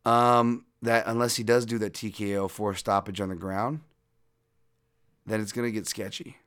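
A man hosting a fight podcast, breaking down bets in a profane, animated and self-deprecating way. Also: fairly low pitch, normal speed, clean tone. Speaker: podcast host and fight analyst. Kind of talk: casual betting-podcast breakdown.

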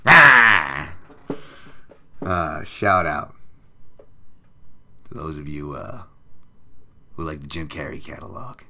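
A man's voice: a bass voice, slow, gravelly, pauses often, sharp tone. A man hosting a betting show, giving sarcastic, profane commentary on upcoming fights. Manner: crude, profane, sarcastic banter. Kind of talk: sports betting podcast commentary.

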